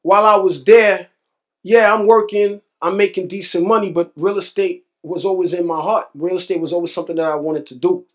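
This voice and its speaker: High-pitched new york guy telling his story on an interview, lively, repeats himself a lot. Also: brisk. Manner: animated, repeats phrases, acts out quoted voices. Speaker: real estate investor guest.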